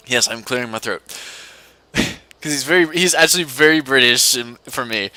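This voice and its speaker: A young man reads a visual novel aloud for a co-op video, breaking off into playful, giggly asides. His voice is bright and forward. The recording is dry, from a desk mic. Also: mid-range voice, big pitch swings, slow, pauses often, no room sound. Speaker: let's-play host reading a visual novel. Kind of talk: casual co-op game commentary and read-aloud. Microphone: desk mic at a computer.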